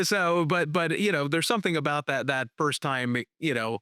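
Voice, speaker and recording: A middle-aged filmmaker guest on a podcast, talking enthusiastically with lots of fillers. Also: male voice, fairly high pitch, normal speed, pushed and bright, clear, resonant tone, no echo, studio quality. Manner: enthusiastic, filler-heavy talker. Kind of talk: casual conversation.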